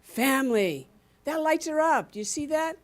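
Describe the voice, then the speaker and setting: A woman addresses a congregation in a playful, interactive way, calling on people by name. Her pitch runs high and moves animatedly as she draws answers out of the room. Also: moderate pace. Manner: lively, playful, questions the congregation directly. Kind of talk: interactive sermon.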